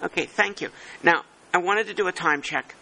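A man chairing a working group meeting, talking in halting, thinking-aloud phrases with many restarts. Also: high voice, bright, forceful tone, slight background noise, low-quality recording. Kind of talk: meeting discussion.

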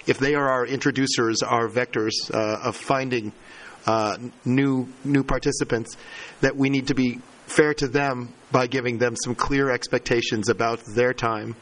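A man speaking up at a working group meeting, talking fast and repeating words while he searches for phrasing. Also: mid-range voice, steady tone, fairly bright tone. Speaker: meeting participant. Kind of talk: meeting discussion.

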